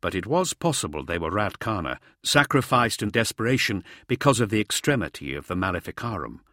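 A man's voice: lowish voice, big pitch swings, brisk, fairly bright tone, no room sound, studio quality. A man narrating a fantasy audiobook with vivid, dramatic storytelling.

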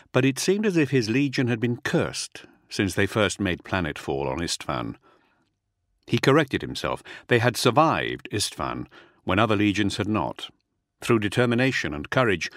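A middle-aged man narrating an audiobook with dramatic, measured storytelling. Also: lowish voice, a bit bright, no echo, clean studio sound.

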